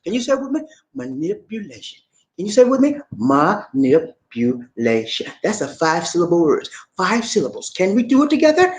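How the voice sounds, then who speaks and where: A man's voice: high voice, fast talker. A man hosting his own show, talking casually and playfully to his viewers, repeating and rhyming his phrases and asking them to answer back. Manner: animated, playful, call-and-response with viewers. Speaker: show host. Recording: echoey room.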